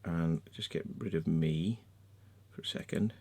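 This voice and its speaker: A deep, husky, slightly mellow male voice with vocal fry moves at a measured pace. He's a vlogger and crop circle maker doing a ranting screen-share vlog, muttering as he searches his screen before angrily swearing and repeating himself without letup.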